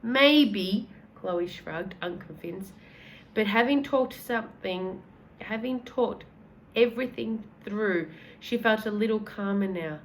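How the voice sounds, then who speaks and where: A woman's voice: medium pitch, unhurried, slight background noise, poor audio. A woman reading a children's book aloud in a casual way, correcting her own slips as she goes. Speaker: reader.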